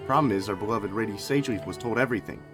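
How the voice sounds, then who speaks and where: A man voicing a pompous wealthy middle-aged lord and father, smooth and condescending in a low-pitched voice. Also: racing, music in the background, lightly acted. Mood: smug.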